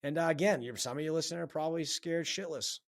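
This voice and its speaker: A man's voice: fairly high pitch, quick pace, dry recording, clean studio sound. A man hosting a solo podcast, giving a blunt, profane, fired-up pep talk. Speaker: podcast host. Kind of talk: solo motivational podcast monologue.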